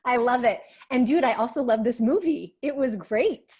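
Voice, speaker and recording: A woman's voice: a little high, expressive, moderate pace, a little mellow, husky. A woman hosting a casual interview, chatty and enthusiastic in her questions. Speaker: interview host.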